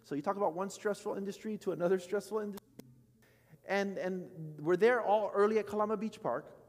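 A man in his thirties preaching a sermon as pastor, telling a story with acted-out quotes and swinging between loud and soft. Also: high-pitched, fairly quick, in a large hall. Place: church sanctuary.

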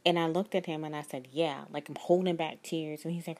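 A woman's voice: sits low, fairly even intonation, brisk, dark tone. Earnest woman. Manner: earnest, emphatic, speaks of God. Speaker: spiritual life coach. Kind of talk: personal storytelling to viewers.

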